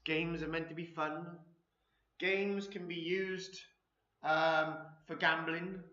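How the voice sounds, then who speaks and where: A man's voice: on the high side, level tone, slow pace, sharp tone. A man giving an informal lecture to an audience, chatty and self-deprecating, wandering into anecdotes. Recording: echoey room, dull lo-fi sound.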